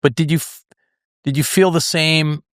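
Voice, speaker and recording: A man's voice: a little high, fairly even intonation, moderate pace, a bit bright, dry recording, studio quality. A man hosting a podcast, asking a guest thoughtful questions with a few hesitations. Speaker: podcast host. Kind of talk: interview questions.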